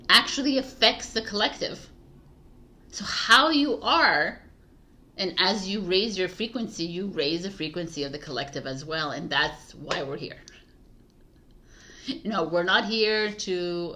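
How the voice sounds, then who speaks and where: A woman's voice: lowish voice, a bit bright, a little hiss or hum. A woman tarot reader talking casually and candidly about spirituality, swearing freely and using lots of fillers.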